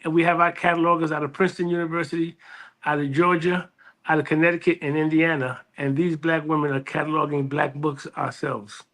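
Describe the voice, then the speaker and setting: Animated older New man telling stories. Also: a little high, fairly quick. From New York City. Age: 60s. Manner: lively storyteller who restarts phrases and acts out quoted voices. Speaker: librarian and interview guest. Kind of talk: storytelling in an interview.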